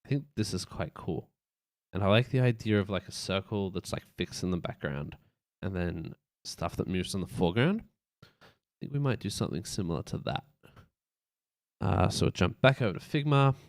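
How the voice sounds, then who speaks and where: Low-voiced man thinking aloud while designing. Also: lively intonation, moderate pace, no room sound, studio quality. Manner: thinks aloud, loose and rambling, with playful sound effects. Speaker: streamer building a website. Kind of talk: casual live-stream commentary while working.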